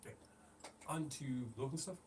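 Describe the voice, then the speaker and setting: A man's voice: on the high side, normal speed. A man co-hosting a wrestling podcast, chatting casually and rambling with lots of restarts. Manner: rambling, restarts often, laughs easily. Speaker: podcast co-host. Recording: distant mic with faint ambient noise.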